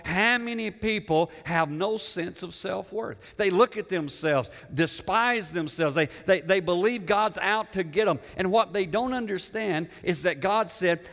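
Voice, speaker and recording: A middle-aged pastor speaks to his congregation in a church sanctuary, repeating words and asking them questions in a conversational sermon. His high, slightly bright voice is expressive, moving at normal speed with few pauses, under long church reverb.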